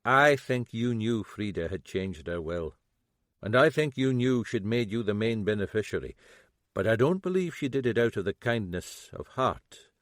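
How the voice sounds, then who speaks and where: A male narrator voicing a shrewd middle-aged Scottish detective who toys with a suspect. His Scottish-accented voice moves slowly and needles, with a lively, varied pitch. The sound is close and dry. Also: no room sound. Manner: slow, needling, toying.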